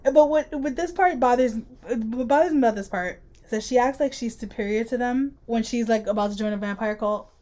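A woman co-hosting a podcast, casually recapping a book chapter and acting out characters' lines with sudden pitch jumps. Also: brisk, hardly any pauses. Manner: animated retelling, acting out dialogue with pitch jumps. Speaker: podcast co-host.

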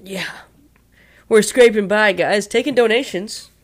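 A man's voice: high-pitched, measured pace. Male podcast co-host, dry sarcastic ribbing, heavy swearing, stoned, laid-back. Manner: teasing, dry, profane banter. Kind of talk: casual chat.

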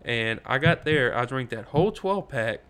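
A man's voice: medium pitch, moderate pace, clear, resonant tone. A man co-hosting a casual sports chat, telling stories in a rambling, swearing way. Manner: rambling storyteller, swearing, gets loud and excited. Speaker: podcast co-host.

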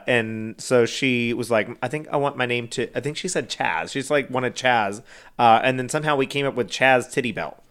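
A young man with a medium-pitched, fairly bright voice co-hosts a podcast in casual chat. He's giggly and rambling, laughing often and filling his talk with fillers and restarts.

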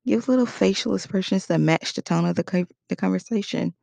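A woman's voice: medium pitch, fairly quick, vocal fry, darkish tone, dry recording. A woman giving a casual spoken lesson in a conversational way, acting out short example quotes. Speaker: instructor.

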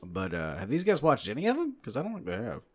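A man's voice: medium pitch, huge pitch swings, quick pace. A young man co-hosting a podcast in casual, profane banter, sarcastic and laughing often. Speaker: podcast co-host.

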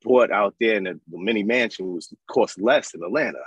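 A man in his thirties from New York, telling his life story as an interview guest in an animated, casual way. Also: fairly low pitch, a little fast, a little hiss or hum, rough recording. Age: 30s. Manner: animated, acts out voices in his stories.

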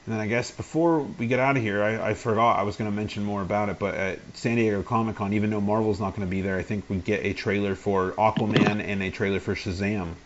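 A man with a lowish voice hosts a laid-back podcast, chatting in an easygoing, upbeat way as he brings up what's coming next. The recording is slightly dull and lo-fi. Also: fairly even intonation, quick pace, few pauses, a little hiss or hum. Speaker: podcast host. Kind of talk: casual chat.

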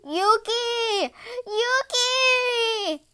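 A woman reading a storybook, voicing a gentle, loving young husband who talks earnestly and pleads. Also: high voice, moderate pace, slight background noise, close to an everyday voice. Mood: desperate. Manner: earnest, pleading, cries out in alarm.

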